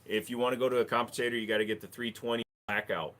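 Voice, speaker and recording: A man's voice: mid-range voice, steady tone, rapid-fire, fairly bright tone. A man hosting a live stream, answering viewer questions with dry jokes. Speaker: livestream host. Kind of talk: casual live Q&A chat.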